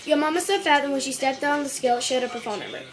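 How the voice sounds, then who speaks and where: A woman reading out a string of jokes for a home video, stumbling over words, restarting and clearing her throat. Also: high-pitched, very fast, crowd noise. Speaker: joke-telling video maker.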